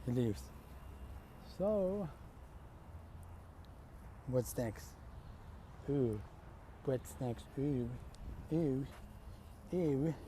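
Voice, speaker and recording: A young man spins an improvised fan story off the cuff, rambling in slang and correcting himself mid-sentence. His voice is mellow and warm, at an ordinary male pitch. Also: slight background noise.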